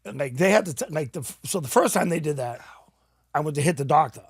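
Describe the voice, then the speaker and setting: A middle-aged man from New England, telling his story in a casual interview, animated and swearing freely. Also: a little high, fast talker, slightly rough, no room sound, studio quality.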